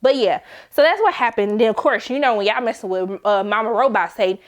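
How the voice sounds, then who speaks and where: A young woman casually recapping a TV episode, animated and slangy, jumping into other voices when she quotes. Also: fairly high pitch, brisk. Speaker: TV episode reviewer.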